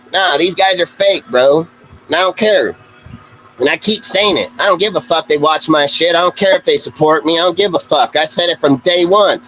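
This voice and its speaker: A man's voice: a little high, fairly bright tone, dull audio, slight background noise. A man hosting a live-stream show, ranting in an aggressive, profane, confrontational way. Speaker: livestream show host.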